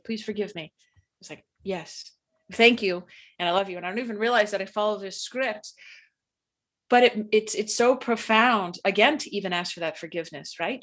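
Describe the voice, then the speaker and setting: A woman's voice: medium pitch, fairly bright tone. Earnest, reflective woman co-host. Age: adult with a young daughter. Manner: reflective, earnest, trailing off mid-thought. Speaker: podcast co-host. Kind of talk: casual chat.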